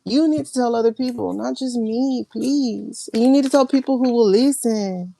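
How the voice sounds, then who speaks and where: A woman hosting a tarot livestream, ranting emphatically and repeating herself, her voice swinging between loud and hushed. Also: fairly high pitch, normal speed, gravelly. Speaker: tarot reader and livestream host.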